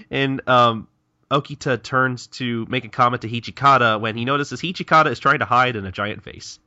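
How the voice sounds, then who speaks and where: A man's voice: mid-range voice, moderate pace, pushed and bright, dry recording. A man co-hosting a podcast, casually retelling a story with frequent laughs, in dry, muffled lo-fi audio. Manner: laughing often, loose retelling. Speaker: podcast co-host. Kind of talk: casual chat recapping a manga.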